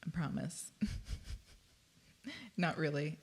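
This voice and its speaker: A woman's voice: low voice, big pitch swings, extremely slow, slightly rough. A woman teaching ukulele in a live-streamed lesson, chatty and self-deprecating, often laughing between explanations. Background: her own ukulele playing.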